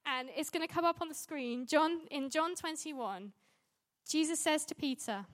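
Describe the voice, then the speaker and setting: A woman's voice: high-pitched, moderate pace. A woman preaching a sermon in a conversational way, often restarting sentences and laughing at herself.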